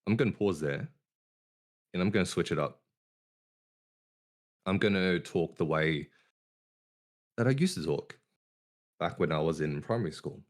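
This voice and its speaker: A man hosting a casual podcast over an online voice call. His voice is very low. He speaks deliberately and ends his phrases on a firm downward inflection. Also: animated. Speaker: podcast host.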